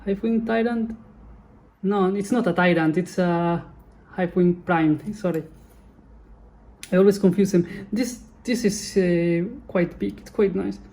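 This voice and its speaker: Brief: woman host, casual unboxing chat, corrects herself as she goes, mellow low voice. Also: steady tone, a little slow. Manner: chatty, often corrects herself. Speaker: channel host.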